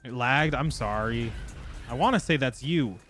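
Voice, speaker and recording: A man's voice: mid-range voice, animated, normal speed, fairly bright tone, faint music behind. A man chatting casually with his viewers while he streams a game. He rambles and laughs often. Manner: talks to chat while playing. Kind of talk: casual live gameplay chat.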